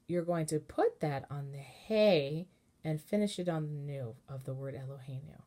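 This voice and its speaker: Woman, cantor, lowish voice, patient step-by-step teaching, short chanted examples. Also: expressive, moderate pace, warm tone. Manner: patient, explanatory, breaks into short chanted phrases. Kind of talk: informal online lesson with sung examples.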